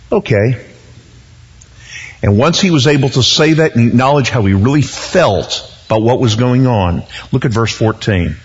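A man's voice: mid-range voice, very animated, normal speed, muffled recording. Folksy male preacher teaching verse by verse. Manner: conversational, jokey asides, repeats words. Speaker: pastor. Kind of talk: expository sermon.

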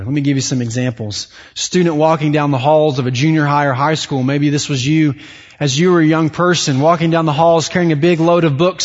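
Preacher with hall reverb, dull sound. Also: male voice. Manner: swings from hushed to loud, rising high when acting out inner voices. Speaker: pastor. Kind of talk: sermon.

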